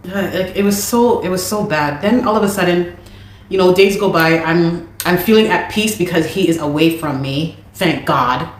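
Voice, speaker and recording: A woman, telling a personal story in an animated, indignant way. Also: lowish voice, normal speed, echoey room. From Canada. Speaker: storyteller recounting a dispute.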